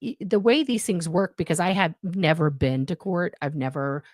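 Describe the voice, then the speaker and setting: Guesting on a live stream from a home room, a young adult woman speaks at normal speed in a low, slightly mellow voice. Though she uses a budget USB mic, the audio is studio quality with no room sound, and her casual chat rambles with many fillers and restarts.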